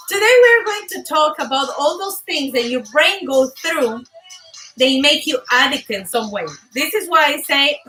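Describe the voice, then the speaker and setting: Bright high-voiced animated woman host. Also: far from the mic, poor audio. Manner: animated, emphatic, laughs often. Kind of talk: live motivational talk show.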